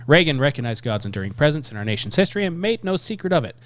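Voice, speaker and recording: A man's voice: on the high side, big pitch swings, racing, a bit bright, no room sound. A man co-hosting a podcast, chatting casually and reading historical quotes aloud with emphasis. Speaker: podcast co-host.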